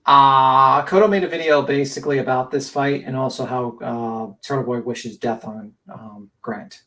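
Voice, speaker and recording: A man's voice: mid-range voice, steady tone, moderate pace, a bit bright. Rambling male stream co-host, casual, slightly distant from the mic. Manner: rambling, filler-heavy. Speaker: livestream co-host. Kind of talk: casual chat.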